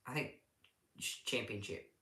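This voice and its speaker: A man giving casual live commentary on a race session, chatty and halting, often restarting sentences as he reads viewer questions. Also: sharp tone, echoey room. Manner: chatty and halting, with frequent restarts while reading chat.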